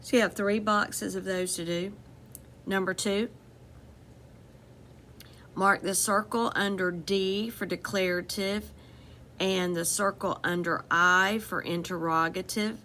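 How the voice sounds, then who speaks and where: Woman, phonics teacher, unhurried delivery, lowish voice, patient, repeats words clearly. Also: pushed and bright, slight background noise. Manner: patient, repeats each word slowly and deliberately. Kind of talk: reading a phonics lesson to children.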